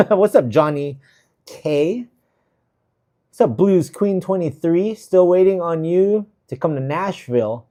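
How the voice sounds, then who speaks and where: A man's voice: high voice, lively intonation, slow pace, long pauses. A man hosting a travel livestream, chatting casually and reading viewer comments with an easygoing, filler-filled manner. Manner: easygoing, chatty, many fillers, gives shout-outs.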